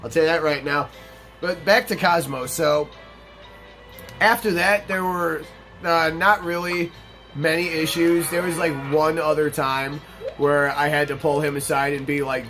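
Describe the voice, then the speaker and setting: A man's voice: on the high side, steady tone, normal speed, over music. A young man hosting a let's play, rambling through casual, profane gameplay commentary and stories.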